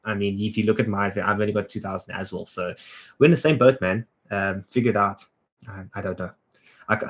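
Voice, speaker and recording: A man from South Africa hosts a loose, chatty livestream, his voice sitting a little low. He greets viewers by name and answers their comments off the cuff, as a creative director talking between jobs. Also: bright, forceful tone. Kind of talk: casual livestream chat.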